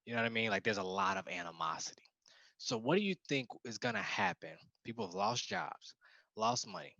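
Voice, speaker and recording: A man's voice: mid-range voice, very animated, a little fast, vocal fry, sharp tone, dry recording, lo-fi sound. A man co-hosting a podcast, telling stories animatedly in casual chat and laughing often. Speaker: podcast co-host.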